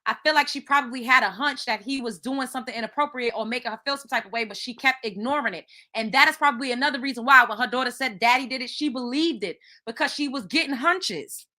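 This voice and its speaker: A young woman hosting a livestream, talking fast and animatedly to viewers in the chat. Her voice is bright and a touch high, with casual swearing woven into her commentary. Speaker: host.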